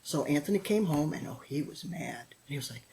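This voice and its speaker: A middle-aged woman speaking as a podcast guest, her voice sitting a little low for a woman. She tells stories with energy, slips into the voices of the people she quotes, and laughs easily. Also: brisk, low-quality recording. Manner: animated storyteller who acts out quotes and laughs often. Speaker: guest, author and former teacher. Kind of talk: podcast interview storytelling.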